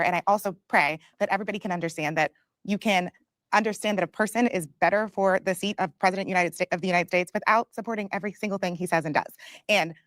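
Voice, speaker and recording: A woman closes out a panel debate with earnest, measured words. Her voice sits low and her pace is quick. The sound is dry. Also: fairly bright tone, no echo. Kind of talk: closing statement in a panel debate.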